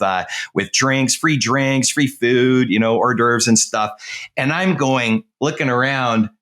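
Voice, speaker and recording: A man's voice: mid-range voice, a bit bright. A middle-aged man, a real estate agent, casually telling a story in an interview, full of "uh", "um" and restarts. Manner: rambling, full of fillers and restarts.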